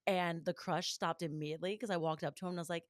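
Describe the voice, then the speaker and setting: A woman's voice: lowish voice, fairly even intonation, fast, dry recording, clean studio sound. A woman co-hosting a podcast, laughing often and telling stories expressively. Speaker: podcast co-host. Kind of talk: casual podcast chat. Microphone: remote call from home.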